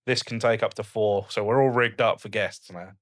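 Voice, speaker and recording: Lowish in voice, with fairly even intonation and a moderate pace, this podcast co-host trades jokey, sweary, rambling banter in casual chat. He's indoors at a home podcast setup, speaking into a studio microphone on a stand.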